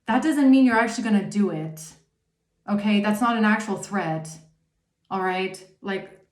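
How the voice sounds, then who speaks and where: A woman's voice: mid-range voice, moderate pace, reverberant. A woman giving a casual tarot reading, talking emphatically, swearing often and checking in with the listener. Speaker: tarot reader.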